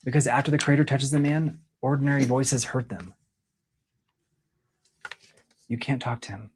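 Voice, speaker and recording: A man reading the part of a young woman from an underground world in an audition scene, speaking in a hushed, grave storytelling manner. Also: medium pitch, a little fast, a little hiss or hum, pitched above the performer's own voice, close to an everyday voice.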